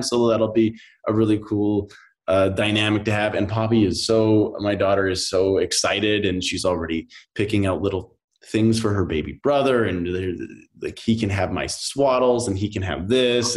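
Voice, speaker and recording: This is a soap actor in his thirties appearing as an interview guest, his voice lowish. He chats casually and rambles in a relaxed way, full of fillers and quoted asides.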